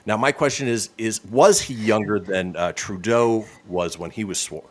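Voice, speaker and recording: A man's voice: lowish voice, normal speed. A man hosting a radio show, reading this-day-in-history items with casual, joking banter. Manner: lively, laughs often.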